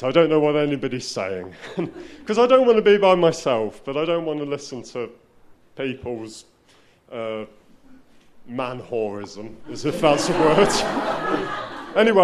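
A man telling a personal story at a live spoken-word night, wry and self-deprecating, often restarting his sentences. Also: fairly high pitch.

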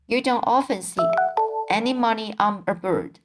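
A woman's voice: fairly high pitch, moderate pace, over loud music, lightly acted. A woman voicing an eager, talkative male store salesman in a storybook reading.

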